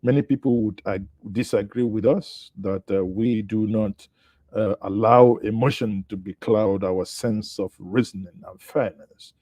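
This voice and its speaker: This studio recording features a Nigerian news host from the Southeast whose voice is fairly low and warm, delivered without hurry. He chats with viewers during his live online show, greeting them, thinking aloud and commenting on the headlines, with no room sound.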